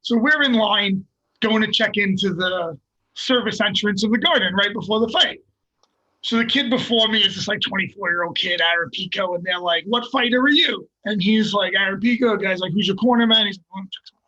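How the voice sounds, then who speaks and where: Middle-aged man, bright voice, profane animated storyteller, casual guest talk. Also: sits high, fairly quick, lo-fi sound. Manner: profane, animated storyteller who laughs at himself. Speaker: guest, MMA fighter.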